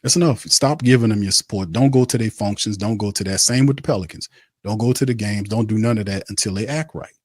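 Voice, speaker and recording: A man's voice: on the low side, quick pace, no room sound, clean studio sound. A man hosting a postgame sports show. He rants bluntly and heatedly and keeps repeating his phrases. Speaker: sports talk show host.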